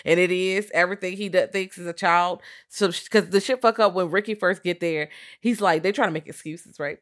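A woman with a Southern US accent co-hosting a casual movie review podcast, telling the plot in an animated, profane way and acting out characters' lines. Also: fairly low pitch, fairly quick. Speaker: podcast co-host.

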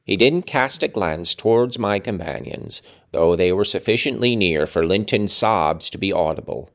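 A man reading a classic novel aloud in an expressive, dramatic way, with his own asides. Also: low voice, normal speed. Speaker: reader. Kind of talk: audiobook reading with commentary.

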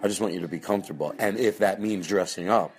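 A middle-aged man hosting a podcast, rambling casually and jokingly, and slipping into high mocking voices when he acts out bits. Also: fast talker. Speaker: podcast host.

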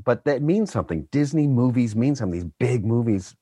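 A man's voice: medium pitch, expressive, fairly quick, mellow, slightly rough, no room sound. A man who does voice work, chatting casually and telling self-deprecating anecdotes. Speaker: voice actor guest. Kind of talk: casual chat.

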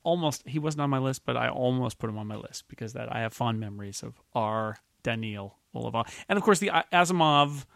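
A man's voice: medium pitch, animated, a little fast, vocal fry, few pauses, fairly bright tone, no echo, studio quality. A man hosting a casual panel chat, joking, laughing often and calling on the others to pick. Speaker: host.

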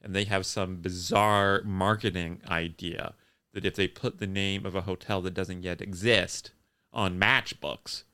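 A man's voice: low voice, steady tone, unhurried, bright, forceful tone, clean tone. A man co-hosting a podcast, recapping a movie plot in casual chat with a dry manner. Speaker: podcast co-host.

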